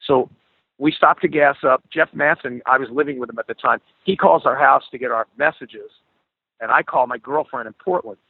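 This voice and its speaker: A man's voice: medium pitch, normal speed, creaky, breathy edge, dry recording. A middle-aged man telling a long story as a guest in an interview, acting out the dialogue as he goes. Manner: animated storyteller, acts out quoted dialogue. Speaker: guest musician. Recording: tinny phone-like call audio.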